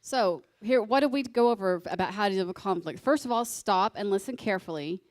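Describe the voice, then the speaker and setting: A woman's voice: mid-range voice, fairly quick. A woman giving a sermon alongside her husband, conversational and teasing as she explains scripture.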